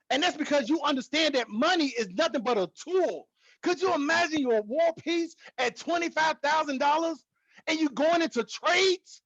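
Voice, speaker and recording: A man teaching stock trading in a casual, excitable way, repeating himself and hyping up his viewers. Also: extremely high pitch, moderate pace, dry recording, highs cut off. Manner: excitable, repetitive, hypes the viewer. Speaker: trading educator. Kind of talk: casual teaching talk to camera.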